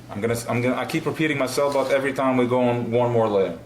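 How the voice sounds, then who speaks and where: A man's voice: medium pitch, fairly quick, slight background noise. Passionate man teaching in an echoey room. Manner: passionate, repetitive, asks himself questions. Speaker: Chassidic teacher. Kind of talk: live Torah class. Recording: live recording in an echoey room.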